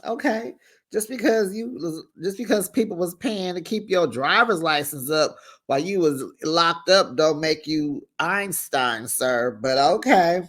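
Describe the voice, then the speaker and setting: Recap vlogger: sassy, teasing, animated, lively swings in pitch, talks straight to viewers. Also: a little slow. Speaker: reality TV recap host. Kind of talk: casual reality-show recap commentary.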